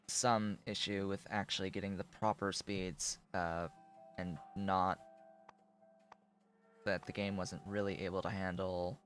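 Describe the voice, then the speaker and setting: A man streaming a game from home, thinking aloud in a rambling way and correcting himself as he talks. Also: fairly bright tone. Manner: rambling, self-correcting, coos at his cat in a high voice. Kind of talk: casual live-stream commentary. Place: home room with a green screen. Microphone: desk microphone.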